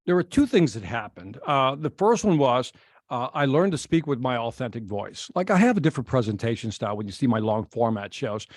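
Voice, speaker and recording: A middle-aged man from Chicago, a guest telling an animated story in an interview and acting out the exchanges he quotes. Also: medium pitch, a little fast, no echo. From Chicago, United States. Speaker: guest speaker.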